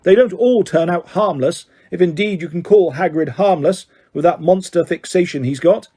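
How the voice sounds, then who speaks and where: Man voicing pompous minister, flustered, defensive, middle-aged, mellow. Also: sits high, normal speed, slightly rough. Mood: blustering. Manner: blustering, defensive.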